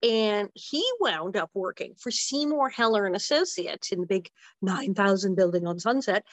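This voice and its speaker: A woman in her sixties, an interview guest, telling stories in an animated, casual way with quick asides. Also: medium pitch, no room sound. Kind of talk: casual storytelling.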